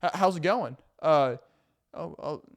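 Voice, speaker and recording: A man's voice: fairly high pitch, a little slow. A man voicing a passive-aggressive roommate who talks in an overly sweet, fake-casual way and hints at chores. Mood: fake-friendly.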